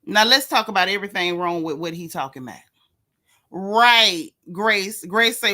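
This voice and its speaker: A woman's voice: medium pitch, animated, normal speed, bright, forceful tone. A woman hosting a casual gossip livestream, talking in a sassy drawl and greeting her viewers.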